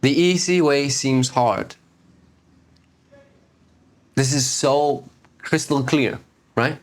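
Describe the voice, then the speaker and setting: Man, spiritual teacher, reflective talk, unhurried, repeats phrases, rhetorical questions, mid-pitched voice. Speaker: host of a spiritual video series.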